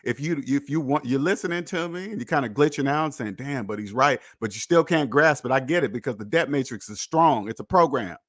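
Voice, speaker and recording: A man hosting a personal finance podcast in an emphatic, preachy monologue, repeating points and swearing, swinging between loud jabs and low muttered asides. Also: expressive, quick pace, hardly any pauses. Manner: emphatic, preachy, repetitive, with profanity. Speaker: podcast host.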